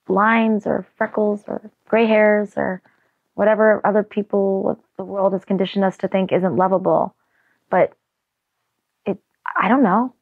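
A woman's voice: medium pitch, no echo, narrow, tinny audio. A singer-songwriter in her thirties talking through her songwriting in an earnest, confiding interview, recorded in a music studio. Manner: earnest, confiding, breaks into sung snippets. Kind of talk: reflective interview answers. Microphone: studio mic.

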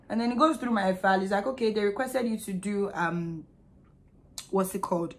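Young nigerian woman doing a storytime vlog, mid pitch, animated and blunt, lots of slang. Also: a little fast. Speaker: vlogger.

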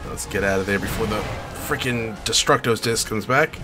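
A man streaming a live playthrough, reacting excitedly, talking to chat, and muttering to himself between loud outbursts. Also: fairly low pitch, normal speed, music in the background. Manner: casual, swears, talks to chat. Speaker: gaming streamer. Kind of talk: live gameplay commentary.

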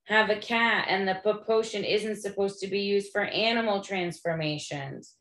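A woman's voice: medium pitch, moderate pace, fairly bright tone, voice pushed up, lightly acted. A woman reading aloud as a clever schoolgirl in distress in a storybook. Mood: upset. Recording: echoey room.

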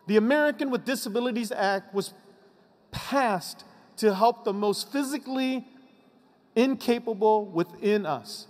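A man giving an inspirational commencement speech, emphatic, sinking low and slow on his repeated refrains. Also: animated, darkish tone. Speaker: commencement speaker. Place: graduation ceremony venue. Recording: long reverb of a large venue.

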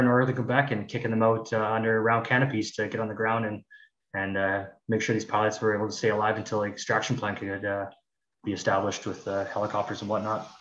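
A Canadian search and rescue technician joins a casual conversation as a guest over a roomy, muffled, dull lo-fi call. His voice is lowish, and he rambles in a relaxed way with plenty of fillers.

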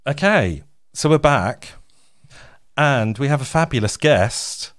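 A man's voice: mid-range voice, animated, takes it slowly, fairly bright tone. A man co-hosting a casual podcast, chatty and laughing often as he introduces snacks and a guest. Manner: chatty, laughs often, reads show plugs. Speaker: podcast co-host.

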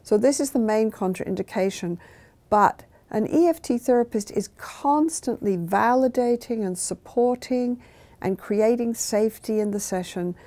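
An older woman therapist talks through her method in a calm, measured way. Her voice is mellow and dark in tone, at an ordinary pitch for a woman. She sometimes slips into quoted lines from a session. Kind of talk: calm explanatory talk.

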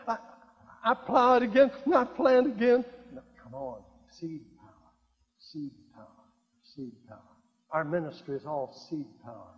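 An older man preaches with a high voice, his loud exclamations falling into hushed, drawn-out phrases. The recording is dull and lo-fi, with a long reverb tail from a big hall. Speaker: evangelist preacher. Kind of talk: sermon.

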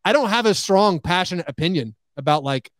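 A man talking as a guest on a podcast, animated, full of "like" and acting out what other people say. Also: high voice, brisk, no room sound. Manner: animated, acts out quoted remarks, heavy use of "like". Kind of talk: casual podcast chat.

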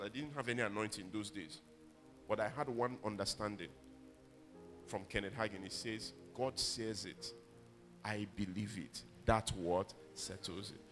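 A man's voice: on the low side, big-room sound. A man preaching a sermon, emphatic and calling on the congregation to repeat his words. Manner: emphatic, rises to loud exhortation. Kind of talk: sermon with call-and-response.

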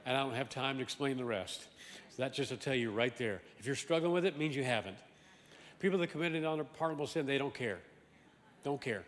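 A man preaching a sermon as pastor, animated and emphatic, swinging from loud exclamations to quiet asides and often repeating words. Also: medium pitch, quick pace, long reverb tail. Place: large church sanctuary.

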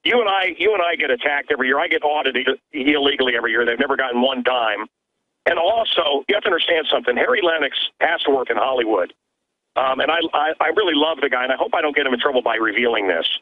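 A man's voice: mid-range voice, expressive, quick pace, dry recording. A man who is a radio host calls in as a guest, talking emphatically from his own studio with stammering restarts. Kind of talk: animated call-in conversation. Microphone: telephone line. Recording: tinny phone line.

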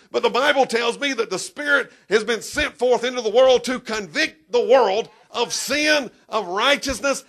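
A pastor preaches a sermon in church, animated and emphatic, breaking into shouts and addressing the congregation directly. His voice is high-pitched and creaky.

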